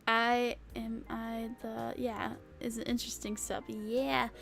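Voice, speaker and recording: A woman's voice: on the high side, little pitch movement, slow, gravelly, a bit bright, faint music behind. A woman VTuber chatting casually with her stream chat in a playful, giggly way, slipping into sing-song bits now and then. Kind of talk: casual live-stream chat reading comments.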